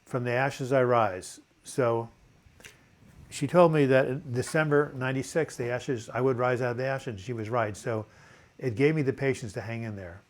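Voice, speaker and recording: A man's voice: medium pitch, normal speed. An older man hosting a casual live video chat with a dry cough, reading viewers' comments aloud and telling corny jokes.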